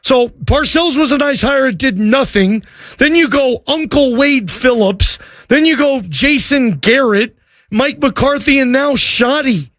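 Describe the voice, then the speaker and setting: A man's voice: extremely high pitch, a little slow, fairly bright tone, dry recording, clean studio sound. A man hosting a sports talk show, arguing emphatically and often repeating words. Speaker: sports radio host. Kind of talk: sports talk radio rant.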